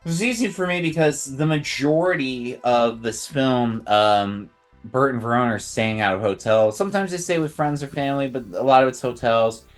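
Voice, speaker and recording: A man co-hosting a podcast in casual chat, halting with many uhs and restarts. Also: mid-range voice, faint music behind. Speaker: podcast co-host.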